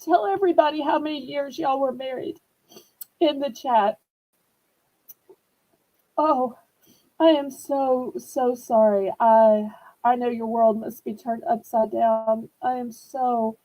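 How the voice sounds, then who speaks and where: Running a live-stream auction, a New Orleans, USA woman talks with her viewers warmly and chattily, taking her time at a very slow, unhurried pace. Her voice is a little high yet mellow and darker, with a steady tone, captured on a rough recording.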